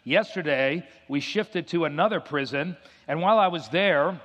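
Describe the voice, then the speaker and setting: A middle-aged man preaching a sermon, emphatic, repeating his key phrases and reading scripture slowly. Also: a little high, fairly bright tone. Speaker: pastor. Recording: long hall reverb.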